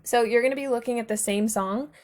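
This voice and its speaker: A woman's voice: a little high, quick pace, darkish tone. Patient woman teaching a screencast lesson. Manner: patient, encouraging, addresses students directly.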